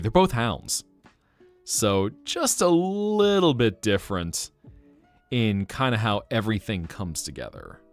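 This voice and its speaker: A man hosting a late-night livestream, chatting in a rambling, animated way. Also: mid-range voice, no echo. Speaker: livestream host.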